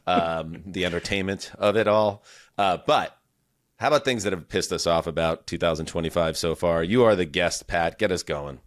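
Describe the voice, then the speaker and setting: A man's voice: deep voice, expressive, moderate pace. A man hosting a podcast, playful as he steers the conversation. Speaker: podcast host. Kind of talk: casual chat.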